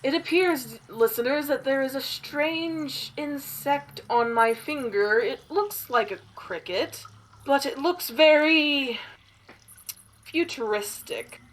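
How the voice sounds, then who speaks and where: A woman's voice: high voice, animated, slow pace, rough recording. A woman voicing a pompous male radio announcer with a transatlantic accent, speaking in a formal, theatrical way. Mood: announcing.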